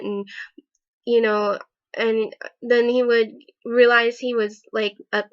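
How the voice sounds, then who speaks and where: A woman's voice: fairly high pitch, little pitch movement, takes it slowly. A woman recounting a personal story in a casual vlog, hesitant, with many fillers and restarts. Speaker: vlogger. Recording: slightly dull lo-fi audio.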